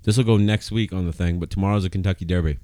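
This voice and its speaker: A man's voice: sits low, steady tone, very fast, warm tone, no room sound. A man co-hosting a casual podcast chat, rambling loosely and swearing now and then. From Maine. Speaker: podcast co-host.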